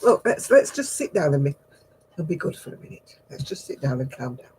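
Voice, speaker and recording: A woman's voice: sits low, big pitch swings, a little fast, darkish tone, slight background noise, poor audio. A woman hosting a casual live video chat, talking about knitting while coaxing and scolding a restless dog. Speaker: host of a live stream. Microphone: computer or phone on a video call.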